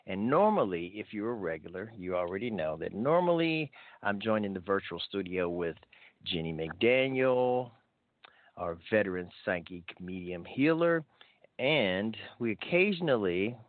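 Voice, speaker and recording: A man's voice: lowish voice, sing-song, moderate pace, dry recording. A man hosting a call-in radio show, chatty and upbeat, often restarting his sentences. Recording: thin phone-like audio.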